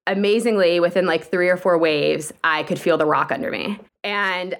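Caller: young woman from Pennsylvania, slightly low pitch, lively casual storyteller. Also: normal speed. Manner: vivid, lively retelling with quoted inner thoughts.

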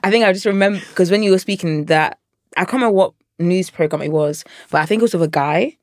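Soft-spoken woman podcast host. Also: lowish voice, fast talker, no room sound, clean studio sound. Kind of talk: casual interview chat.

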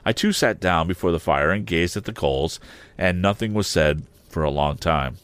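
A man narrating an audiobook of a classic novel in a measured storytelling manner. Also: low-pitched, a bit bright, smooth, dry recording. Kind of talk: scripted narration.

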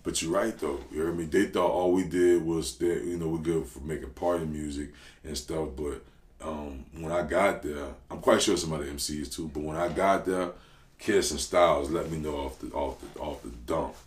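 Very deep-voiced New man, roomy. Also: moderate pace. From New Orleans. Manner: animated, slangy, loud bursts when telling stories. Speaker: podcast guest, rapper. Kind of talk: casual storytelling interview. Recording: roomy echo.

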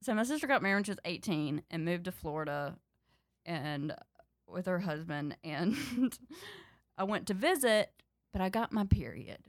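A young woman talking as a podcast guest, telling a story in a casual, animated way and acting out the voices of the people in it. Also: lowish voice, moderate pace, no echo, studio quality.

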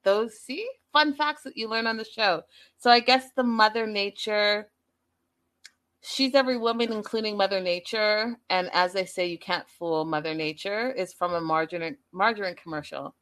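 A chatty woman hosting a live recap show, talking straight to her viewers in an easy, expressive voice. She reads out viewer comments, sounds amused, and keeps the talk loose and conversational. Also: mid-range voice, normal speed. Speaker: host recapping a reality show.

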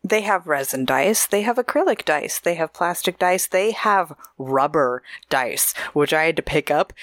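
A woman's voice: fairly low pitch, fairly bright tone, no echo, clean studio sound. A woman from Oregon co-hosting a podcast in casual, chatty talk, laughing often. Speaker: podcast co-host.

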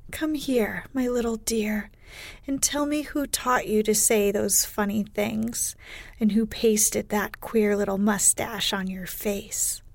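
A woman's voice: medium pitch, steady tone, slow pace, gravelly, no echo. A woman reading a storybook aloud and voicing a gracious, amused giantess in a raised, lilting voice that often falls to a whisper.

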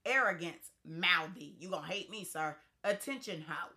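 Woman, podcast co-host, sassy asides, bright voice. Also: fairly low pitch, animated, normal speed. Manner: reads list aloud with sassy asides. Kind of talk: casual chat.

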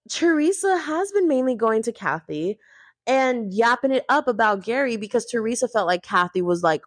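A young woman gossips through a reality-show recap in a casual, chatty way, often saying "like." Her voice sits a bit high. The sound is close and dry. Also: no echo. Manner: gossipy, chatty, frequent "like" fillers. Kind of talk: casual chat.

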